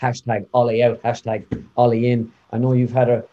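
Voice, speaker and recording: In a casual interview, a guest impressionist from the Irish Midlands talks briskly in a mid-range voice over dull audio. He's a young man who rambles, chats freely and stays animated.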